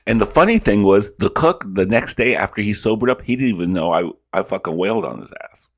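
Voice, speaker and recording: A man hosting a reaction video, telling stories in casual, profane, animated commentary. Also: on the low side, a little fast.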